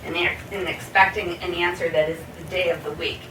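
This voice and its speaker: A woman teaching a basic English lesson, spelling out example sentences slowly word by word and checking in with "okay?". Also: fairly low pitch, fairly even intonation, sharp tone. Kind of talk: slow classroom explanation. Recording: roomy echo, from a distance, faint hiss.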